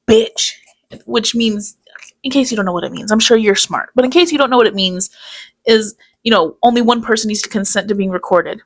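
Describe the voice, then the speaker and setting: A woman hosting a casual reaction commentary, chatty and sarcastic, often breaking into laughter. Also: fairly high pitch. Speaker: commentary channel host.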